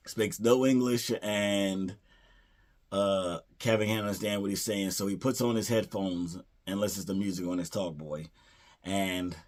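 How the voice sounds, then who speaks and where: A man with a low, deep voice talks through a movie's plot in a loose, casual way. He wanders and restarts his sentences, leaning on "you know" and "uh" as he goes. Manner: rambling, many fillers and restarts; playfully acts out character lines. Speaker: movie reviewer.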